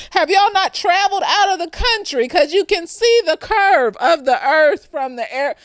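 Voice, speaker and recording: A woman's voice: very high-pitched, lively intonation, measured pace, pauses often, dry recording. A young woman chatting casually through a TV review. She laughs often, swears, and acts out the characters in quoted voices. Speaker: reviewer of a TV show. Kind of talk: casual tipsy review chat.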